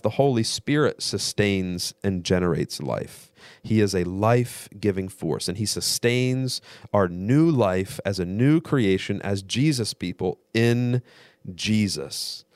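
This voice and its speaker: Man, low voice, dry close sound, guest host teaching theology, earnest and measured. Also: dry recording. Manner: earnest, measured explaining with repetition.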